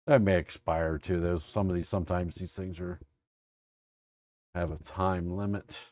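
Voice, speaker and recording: A man with a fairly low voice hosts a casual live trading chat. He jokes and teases as he goes. The sound is close and dry. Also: flat delivery, unhurried, a little mellow, dry recording. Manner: joking, playful, teasing. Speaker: trading coach host.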